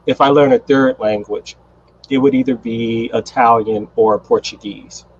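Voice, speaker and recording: An American man teaching English in a relaxed, friendly way on a video call, agreeing often and laughing a lot. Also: mid-range voice, unhurried, a little hiss or hum. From United States. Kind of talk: casual conversation on a video call. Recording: husky voice over a dull, lo-fi call line.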